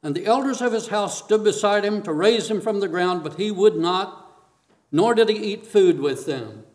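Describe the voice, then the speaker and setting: A man's voice: high voice, normal speed, a little mellow. A man preaching a sermon, reading scripture aloud and asking questions of his listeners.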